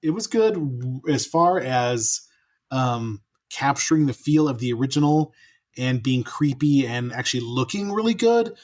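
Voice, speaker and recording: A man's voice: medium pitch, lively intonation, unhurried, darkish tone, no room sound, studio quality. A middle-aged man from New Mexico, co-hosting a casual movie podcast, rambling and laughing often as he trails off and restarts. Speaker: podcast co-host. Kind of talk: casual chat.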